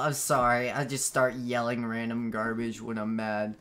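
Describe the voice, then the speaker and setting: A man's voice: medium pitch, monotone, moderate pace, hardly any pauses, a bit bright. A man streaming a game, chatting casually, stammering and repeating words, breaking into yelps and laughs when frustrated. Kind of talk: casual gameplay commentary.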